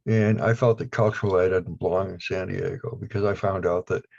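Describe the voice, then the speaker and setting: The speaker is a man who makes lapidary equipment, appearing as a guest on a video call interview with dull, lo-fi audio. With a Down East Maine accent, he rambles bluntly with dry humor. His low voice is a little fast and a little mellow, with vocal fry and fairly even intonation.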